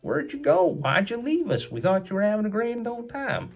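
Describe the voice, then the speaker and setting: Otherworldly beings, friendly, earnest, raised pitch, as a man puts them on. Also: sing-song, normal speed, soft background music. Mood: pleading. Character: group of playful otherworldly beings.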